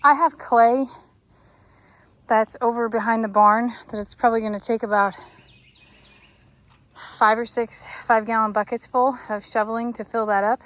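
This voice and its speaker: A woman's voice: fairly high pitch, steady tone, moderate pace, pauses often, fairly bright tone. A woman chatting casually to the camera outdoors on a farm while doing chores. She talks to herself and makes playful asides to her viewers. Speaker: vlogger and horse owner.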